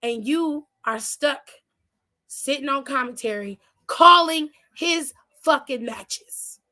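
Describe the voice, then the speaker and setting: A woman's voice: sits high, animated, slow, sharp tone. A woman co-hosting a casual wrestling aftershow, sassy and profane, firing off teasing rhetorical questions. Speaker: co-host.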